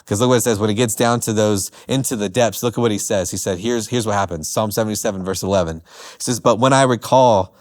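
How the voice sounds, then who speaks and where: A man's voice: lowish voice, fairly even intonation, fast talker, a little mellow. A young adult man, a youth pastor, preaching a sermon to teenagers in an earnest, emphatic way. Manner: earnest, emphatic, acts out the psalmist's cries.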